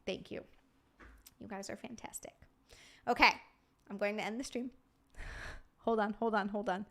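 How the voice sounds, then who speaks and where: A woman hosting a livestream, rambling warmly through thank-yous, tired from lack of sleep. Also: mid-range voice, steady tone, moderate pace. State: sleep-deprived. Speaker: livestream host. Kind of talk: casual stream sign-off chat.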